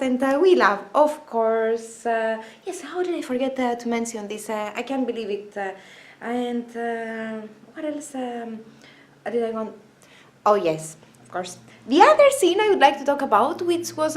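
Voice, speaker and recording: A young woman talking casually about a TV episode, enthusiastic and emotional, with frequent pauses and filler sounds. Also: high voice. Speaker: vlogger.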